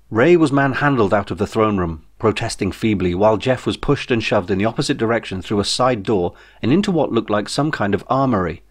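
A man's voice: fairly low pitch, lively intonation, fairly quick, few pauses. A man reading his own novel aloud as audiobook narration, with wry storytelling.

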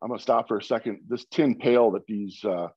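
Man, low voice, halting presentation, lots of ums, dry dull video-call sound. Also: dark tone, slightly rough, dry recording. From Michigan. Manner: halting, many fillers and restarts. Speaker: guest speaker. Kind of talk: informal presentation.

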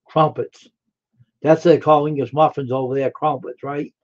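A man's voice: a little high, fairly even intonation, moderate pace. A man hosting a live stream, chatting casually with viewers in a rambling, friendly way full of fillers and repeats. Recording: dull lo-fi stream audio.

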